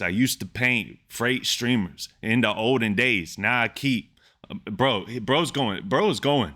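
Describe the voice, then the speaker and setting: A man hosting a music reaction channel, excitedly repeating lines and breaking them down in casual commentary. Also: medium pitch, measured pace.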